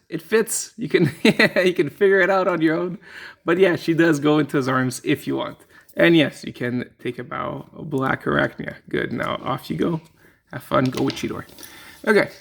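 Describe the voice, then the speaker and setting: Gravelly-voiced man reviewing a toy. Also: a little high. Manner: relaxed, rambling with fillers and restarts. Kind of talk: casual product review.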